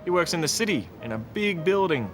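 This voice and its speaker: A man presenting a children's TV show, gently telling a story with toys and playing with animal sounds. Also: on the high side, very animated, fairly quick. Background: guitar music.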